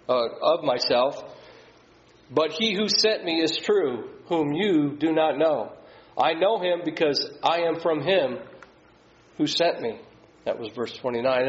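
A man leading a Bible study, putting questions to the group and reading scripture aloud. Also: on the high side. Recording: slightly dull sound.

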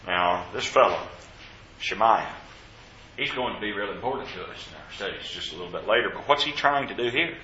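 A man's voice: on the low side, lively intonation, fairly quick, pushed and bright, slight background noise. A man teaching a Bible class, reading scripture aloud and putting questions to his students. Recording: roomy, dull lo-fi class recording.

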